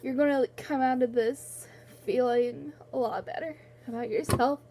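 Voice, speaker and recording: A book vlogger chats casually at home in a high-pitched, mellow voice, with fairly even intonation and a moderate pace. Close to crying, she rambles through lots of fillers and restarts, and slight background noise can be heard.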